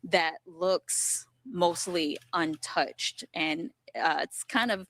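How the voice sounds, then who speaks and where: Female live reporter, lowish pitch, calm and compassionate, on location outdoors. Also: extremely slow. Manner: sympathetic, steady, descriptive. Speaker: field reporter. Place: outdoors at a storm-wrecked site.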